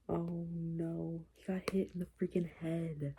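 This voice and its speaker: A woman's voice: flat delivery, slow pace, long pauses, dark tone. A young woman rambling and gushing about a book she is reading, with lots of filler words, in a casual home vlog. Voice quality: low, creaky and husky. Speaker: booktuber.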